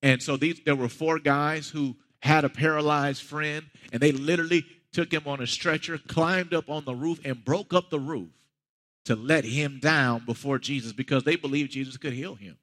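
A man's voice: on the high side, steady tone, normal speed, fairly bright tone, in a large hall. A man preaching a sermon as a pastor, talking conversationally and building to emphatic peaks.

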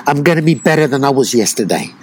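A man who teaches breathwork retreats, talking slowly and reflectively in an interview, with many pauses and fillers. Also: medium pitch, expressive, noisy background.

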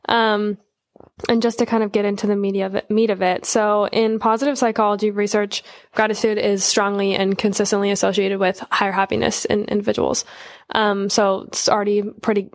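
A young woman appears as a podcast guest, casually sharing her research in a relaxed, hesitant manner peppered with fillers. Her voice sits in the mid range, and the clean studio recording has no echo.

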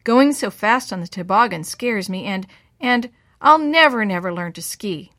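A woman reading aloud and voicing a scared, tearful young girl who pleads and protests in a higher voice. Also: expressive, normal speed, fairly bright tone, dry recording, clean studio sound, lightly acted. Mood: fretful.

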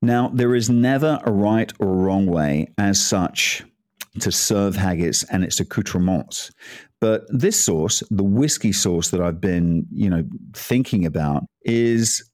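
Chatty man with a low voice. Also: takes it slowly, darkish tone, dry recording, studio quality. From Scotland. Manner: chatty, rambling asides, laughs often. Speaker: cooking presenter. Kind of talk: casual cooking talk.

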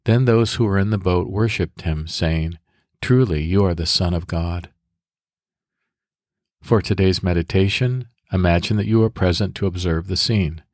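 A deep-voiced man hosts a devotional podcast, leading listeners through prayer and a scripture meditation at a calm, measured, instructive pace. The recording is dry and close, with no echo or room around it.

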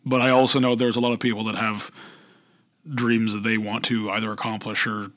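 A man's voice: lowish voice, level tone, fairly quick, a bit bright, no room sound, clean studio sound. A man, a voice actor and storyteller, talking reflectively in a casual interview, rambling and restarting his thoughts. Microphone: close podcast microphone.

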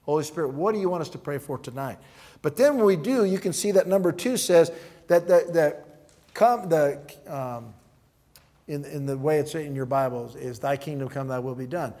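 A male pastor whose voice sits a touch high for a man. He preaches at an evening church meeting, moving between lively stories and teaching through numbered points. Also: normal speed. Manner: animated storyteller who acts out dialogue. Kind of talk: sermon.

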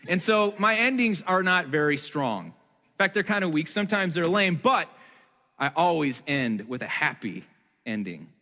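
A male pastor in his thirties with a bright, ringing voice gives a sermon. His voice sits a little higher than most men's. Long reverb trails behind him, as in a large hall. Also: sing-song, normal speed. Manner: conversational, with rhetorical questions and self-deprecating asides.

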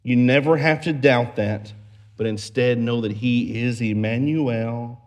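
A man's voice: medium pitch, a little slow. A man preaching a sermon as pastor, building emphasis through repeated phrases and storytelling. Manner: preaching with rising emphatic repetition.

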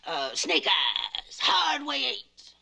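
Brief: worried TV mother, husky and lively in pitch. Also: drawn-out words, full character voice. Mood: troubled. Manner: troubled, then mock-mimics a dice player. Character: worried middle-aged mother, fretting about a suitor. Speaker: actress in a TV series clip.

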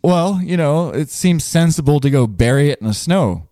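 A man's voice: fairly high pitch, expressive, normal speed, mellow, dry recording, studio quality. A man telling a funny story in casual podcast chat, rambling with lots of fillers. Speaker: guest storyteller.

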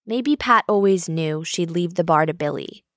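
Low-voiced woman narrating, dry. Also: lively intonation, moderate pace, no room sound. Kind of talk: scripted documentary narration.

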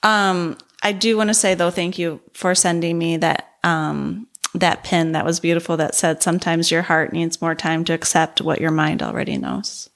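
A woman co-hosting a podcast in casual chat, animated and quick to laugh as she tells stories. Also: fairly low pitch, creaky. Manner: animated, laughs often, lively storyteller. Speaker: podcast co-host.

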